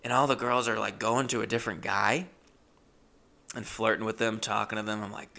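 A man's voice: lowish voice, level tone, moderate pace, vocal fry, pushed and bright. A man telling a rambling, awkward, self-deprecating comic story with many restarts. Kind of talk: stand-up storytelling.

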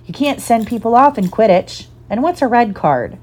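A woman's voice: on the high side, expressive, normal speed, darkish tone, pitched above the performer's own voice. A woman reading the lines of a blunt, matter-of-fact eleven-year-old boy. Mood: correcting.

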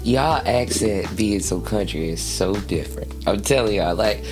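A woman's voice: extremely low pitch, expressive, moderate pace, music in the background. A woman from New Jersey hosting a casual interview, playful and slangy, laughing often. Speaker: host.

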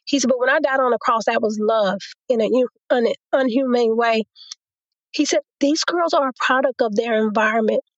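A woman's voice: a little high, normal speed, no room sound, lo-fi sound. A woman guest in an interview, telling a personal testimony and acting out what others said to her. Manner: storytelling, quotes others in a lively retelling.

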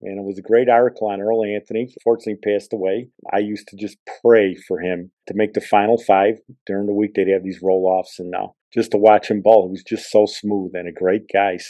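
A man's voice: fairly low pitch, level tone, a little fast, few pauses, mellow, no echo. A man hosting a podcast, telling rambling personal stories in a casual, conversational way. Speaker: podcast host. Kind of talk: casual storytelling.

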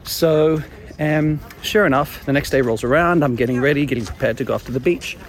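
A young man telling his own embarrassing stories in a casual, animated way, chuckling along as he goes. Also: fairly high pitch, fairly quick. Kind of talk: casual storytelling monologue.

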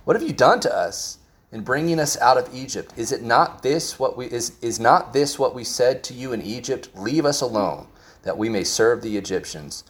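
A man's voice: medium pitch, expressive, normal speed. A man preaching a sermon, reading scripture passages aloud and explaining them in plain words, often restarting his sentences.

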